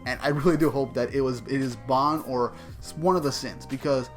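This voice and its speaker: A man casually recapping a manga chapter, speaking excitedly and speculatively, often restarting his sentences. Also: medium pitch, brisk, faint music behind. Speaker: manga reviewer.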